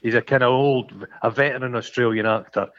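A man co-hosting a film podcast, retelling scenes in a rambling, sweary, animated way. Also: mid-range voice, fairly quick, highs cut off. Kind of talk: casual chat.

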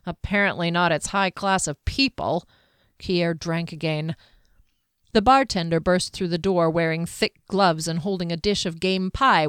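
A woman narrating a fantasy audiobook in a measured, even storytelling manner. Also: lowish voice, clear, resonant tone, no room sound, studio quality.

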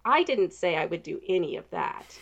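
A woman's voice: lowish voice, very animated, moderate pace, creaky, heavily acted. A woman voicing a bold, unbothered young princess who talks casually and breezily. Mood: breezy.

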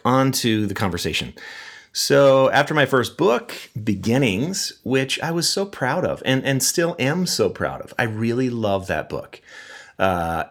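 A middle-aged man with a wheezy voice from a cold, chatting casually as a podcast host and laughing at his own stories. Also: mid-range voice. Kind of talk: casual monologue.

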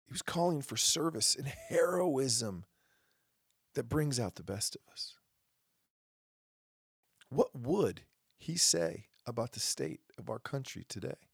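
A man's voice: mid-range voice, expressive, slow, creaky, long pauses, slightly rough, dry recording, studio quality. A man hosting a podcast, giving an impassioned opinion monologue with mocking asides. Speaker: podcast host.

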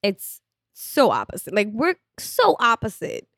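A woman's voice: fairly high pitch, huge pitch swings, unhurried, fairly bright tone, dry recording, clean studio sound. Candid, chatty young woman podcaster. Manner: candid, chatty, laughs often. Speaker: podcast co-host. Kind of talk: casual chat.

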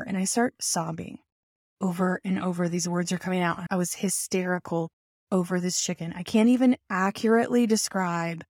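A woman telling a personal story in an animated, self-mocking way, full of rambling asides. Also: lowish voice, moderate pace, no echo, clean studio sound.

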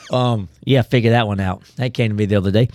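A man's voice: fairly low pitch, steady tone, normal speed, darkish tone, no echo, studio quality. A man hosting a casual chat, joking and laughing often. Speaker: host.

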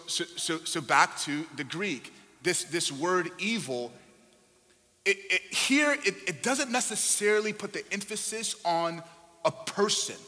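High bright guy preaching in a church, big hall echo, chatty then really punchy. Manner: shifts from low conversational asides to loud emphatic preaching. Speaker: pastor. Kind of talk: sermon. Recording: long hall reverb.

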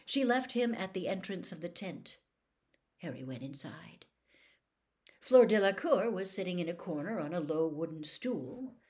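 A woman reading a novel aloud as a storyteller, with expressive, dramatic narration. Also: low voice.

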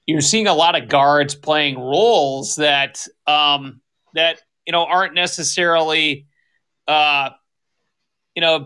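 A man's voice: fairly high pitch, bright, forceful tone. A man co-hosting a sports podcast, talking in a rambling, casual way with many restarts and self-corrections. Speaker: podcast co-host.

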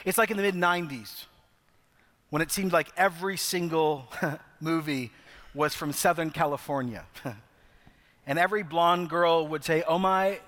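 A middle-aged pastor delivers an earnest sermon, his voice a touch higher than most men's. He slows down to hammer home key phrases. The sound trails off in the long reverb of a church hall. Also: fairly bright tone.

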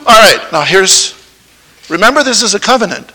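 Bright, high-voiced preacher man in hall. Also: lively intonation. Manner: questions the congregation, halting restarts. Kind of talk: sermon. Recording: long hall reverb.

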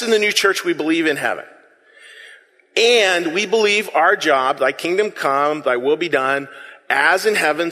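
A man's voice: a little high, pushed and bright. A man preaching a sermon in a church hall, talking conversationally and asking the congregation to answer him. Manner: conversational, asks the congregation to respond. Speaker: pastor. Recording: long reverb of a large room.

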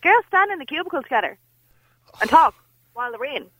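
A woman's voice: high voice, sing-song, a little fast, a bit bright, a little hiss or hum, low-quality recording. A woman co-hosting a radio show, talking bluntly and arguing her point. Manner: blunt, argumentative. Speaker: radio co-host. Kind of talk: casual radio chat.

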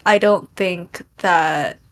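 A woman co-hosting a podcast and telling playful, lively stories in casual chat. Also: fairly low pitch, drawn-out words, a little hiss or hum. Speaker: podcast co-host.

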